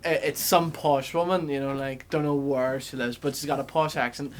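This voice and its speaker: A man joining a podcast chat, recounting an anecdote in an animated way. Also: mid-range voice, moderate pace. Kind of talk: casual podcast banter.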